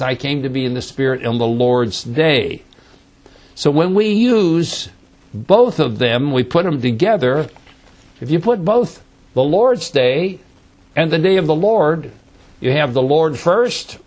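A man teaching through a Bible passage, explaining slowly and repeating key words, often checking in with "okay?". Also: fairly high pitch. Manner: slow, repetitive explaining with frequent "okay?" checks.

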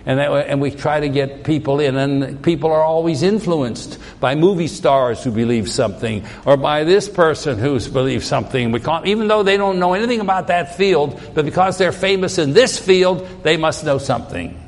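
A man's voice: on the high side, normal speed, hardly any pauses, long reverb tail. A man preaching a sermon, pressing his point with emphatic rhetorical questions. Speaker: pastor.

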